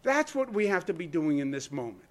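A man's voice: on the high side, very animated, brisk. A man gives an emphatic public speech as a governor, asking rhetorical questions and mimicking imagined voices. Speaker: state governor.

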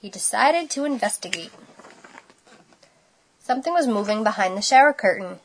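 A woman reading a picture book aloud, expressive and unhurried, adding her own asides. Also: mid-range voice. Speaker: storybook reader.

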